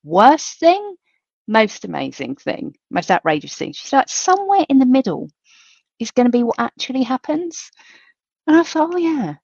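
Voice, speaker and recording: A woman's voice: high voice, sing-song, normal speed, vocal fry, a little mellow, husky, no room sound, highs cut off. A woman guest in a podcast interview, telling a reflective story and quoting what others said to her. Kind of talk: casual interview chat.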